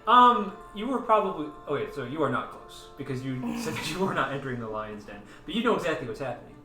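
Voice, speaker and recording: A man's voice: a little high, very animated, fast talker, pushed and bright, recorded from a distance. A man running a tabletop game as game master, talking casually and laughing often. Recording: echoey room, off-mic, music playing.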